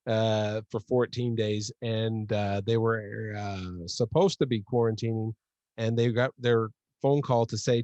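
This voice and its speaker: A man's voice: on the low side, fairly even intonation, a little slow, darkish tone, dry recording, muffled recording. A man hosting a casual chat show, talking in a chatty way with fillers and frequent laughs. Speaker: host.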